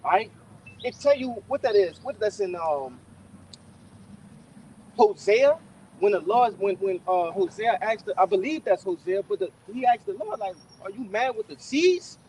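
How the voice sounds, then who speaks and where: A man leading a casual scripture discussion, reading verses slowly and solemnly, then chatting loosely. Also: sits high, lively intonation, a little mellow, slight background noise, rough recording.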